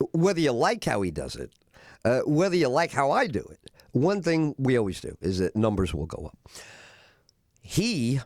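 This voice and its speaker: A middle-aged radio host spins a long story in a monologue, acting out the voices of the people in it and saying "uh" a lot. He's animated, with a mid-range voice, and the studio recording is clean and dry.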